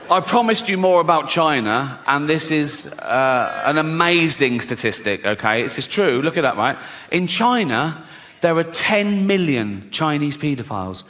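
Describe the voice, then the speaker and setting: Provocative stand-up comedian. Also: male voice, a little high, lively intonation, a little slow, in a large hall, heavy background noise. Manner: provocative, laughs at his own jokes.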